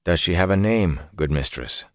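A man reading a quiet, polite young man in a spoken story. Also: deep voice, normal speed, no room sound, clean studio sound. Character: earnest young man, the hero.

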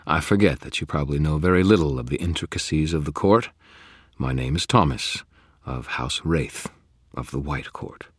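A man's voice: extremely low pitch, normal speed, slightly rough, dry recording, clean studio sound. A man voicing a silky young vampire aristocrat. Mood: silky courteous. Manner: genteel, purring and mock-polite. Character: suave, cheerful young male vampire aristocrat. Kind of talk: audiobook character voice.

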